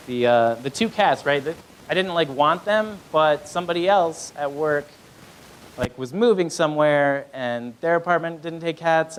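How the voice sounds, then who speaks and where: A young male comedian performing live in a small club, rambling and self-deprecating and full of fillers. His voice sits a bit high for a man. There is faint room ambience behind him. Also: a little hiss or hum, poor audio. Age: young adult. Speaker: stand-up comedian. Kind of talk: live stand-up set.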